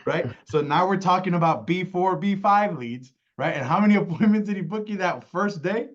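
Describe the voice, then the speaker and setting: A man's voice: high voice, normal speed, lo-fi sound. A man leading a sales training, speaking emphatically and often asking "right?" to his listeners. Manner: emphatic, repeats "right?" and "y'all". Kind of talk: insurance sales training talk.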